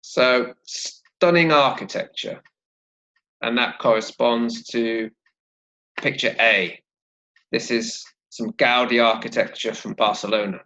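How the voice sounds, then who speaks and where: A man's voice: medium pitch, takes it slowly, bright, forceful tone, muffled recording. A man teaching English vocabulary and pronunciation, patiently repeating words for learners to copy. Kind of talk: slow, clear teaching with pronunciation drills.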